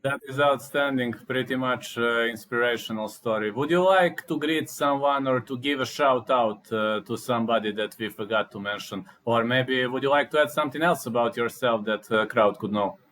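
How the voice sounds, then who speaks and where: A man hosting an interview over a video call, asking his questions politely and a bit haltingly. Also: mid-range voice, a bit bright.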